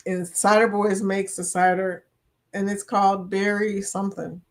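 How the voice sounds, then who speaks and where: A woman's voice: medium pitch, level tone, a little slow. A woman in her fifties hosting a casual live chat, reading viewer comments aloud, laughing often and playful. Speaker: livestream host.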